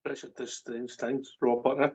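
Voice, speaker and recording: A man's voice: mid-range voice, level tone, moderate pace, a little mellow, slightly rough, muffled recording. A Scottish man co-hosting a football phone-in, plain-spoken and often calling people "mate".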